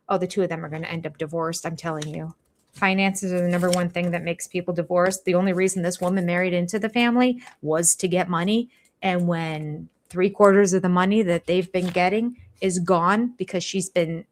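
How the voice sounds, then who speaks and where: A woman's voice: lowish voice, a little fast. Sarcastic older woman reacting live. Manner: sarcastic, blunt, laughs often. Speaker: reaction vlogger.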